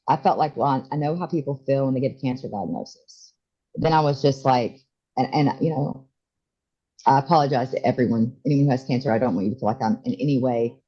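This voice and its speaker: A woman in her forties tells a hard personal story as a podcast guest, often halting and restarting. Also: rumbling low, warm tone, breathy edge, dull audio. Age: 40s. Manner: emotional, halting, many restarts. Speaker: interview guest.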